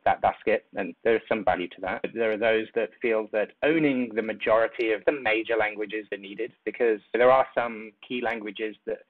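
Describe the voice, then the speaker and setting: A man, an industry executive, giving a measured, explanatory interview answer and weighing options aloud over remote call audio. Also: lowish voice, fairly even intonation, no echo. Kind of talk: interview answer on business strategy. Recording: tinny phone-like line, dry.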